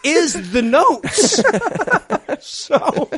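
A man's voice: very high-pitched, wildly swooping pitch, very slow, a bit bright. A man co-hosting a podcast, casually mocking a movie as he retells its scenes with laughs and swearing. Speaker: podcast co-host. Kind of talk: casual comedic movie commentary.

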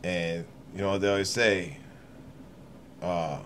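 A low-pitched man reads scripture aloud on his channel, then keeps wandering into loose, irreverent commentary. He laughs often and drifts off on tangents. A faint hiss sits under his voice. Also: steady tone, slow pace, fairly bright tone. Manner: rambling, laughing asides, irreverent. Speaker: channel host reading scripture. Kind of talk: casual scripture reading with running commentary.

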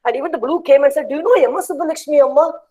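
A woman's voice: high-pitched, racing, dark tone, pitched above the performer's own voice, close to an everyday voice, rough recording. A woman voicing Blue, a personified color who brags about the sky and ocean. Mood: boastful. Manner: boasting, self-praising. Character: boastful personified color Blue, calm and proud.

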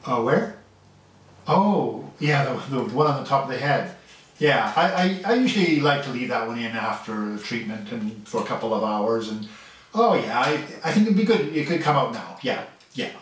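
A young man in a comedy sketch, talking in a halting, hesitant way as an acupuncturist. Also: medium pitch, big pitch swings. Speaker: sketch performer. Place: college building indoors. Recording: very echoey room, distant camera mic.

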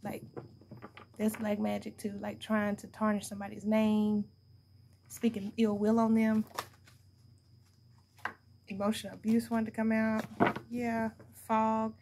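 A woman's voice: mid-range voice, monotone, a little slow, long pauses, mellow, a little hiss or hum. A young adult woman giving a casual tarot reading to her viewers, blunt and profane, laughing often as she talks. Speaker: tarot card reader.

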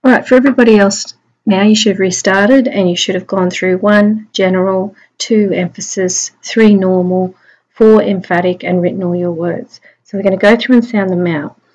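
A woman's voice: mid-range voice, fairly even intonation, normal speed, darkish tone, slightly rough. A woman teacher giving a spelling lesson online, sounding out words phoneme by phoneme in a chatty, encouraging way. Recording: dull lo-fi home recording.

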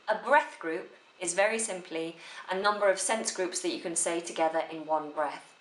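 A woman giving a spoken theory lesson for a drama exam, explaining slowly and deliberately. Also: lowish voice. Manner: slow, careful, deliberate delivery. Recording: echoey room.

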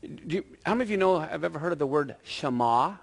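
A male pastor preaching a sermon in a lively, conversational storytelling manner. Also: a little high, fast, gravelly, in a large hall.

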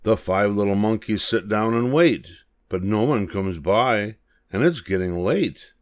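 An older man reading a rhyming children's picture book aloud in a gentle, sing-song manner. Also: fairly low pitch, measured pace, dry recording, clean studio sound. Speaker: storybook reader.

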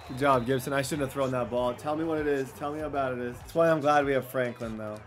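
A young man giving excited commentary on his own video game, shouting at big plays and repeating himself. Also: mid-range voice, quick pace, soft background music.

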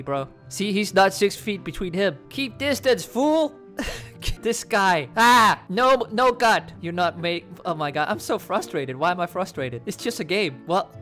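A man hosting a game channel, rambling excitably through casual gameplay commentary, talking back to other players and laughing often. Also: high voice. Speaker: gaming channel host.

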